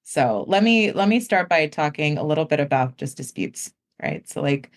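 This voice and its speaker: A woman guest speaks with a slightly lower voice. She explains in an easy, conversational way, with lots of "like", and slips into the voices of worried customers as she goes. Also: animated, moderate pace. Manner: casual, heavy use of "like", acts out customers' words. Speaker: guest, company founder.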